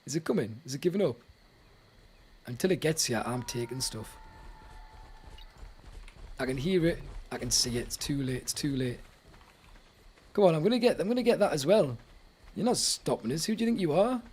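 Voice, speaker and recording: A young man giving live commentary while he plays a video game, excitable and talking to himself. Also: mid-range voice, moderate pace, long pauses, slightly rough. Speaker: streamer. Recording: game music in the background. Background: game music.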